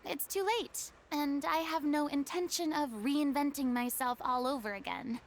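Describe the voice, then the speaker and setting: A woman's voice: high-pitched, fairly even intonation, normal speed. A woman voicing a proud, theatrical young female former goddess in a video game, speaking in a haughty, dramatic manner. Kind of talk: game dialogue.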